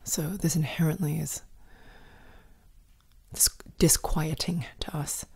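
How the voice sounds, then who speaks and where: Low gravelly woman, husky breathy voice, guided meditation talk, soft and slow. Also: fairly even intonation. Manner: soft, slow, often whispered delivery.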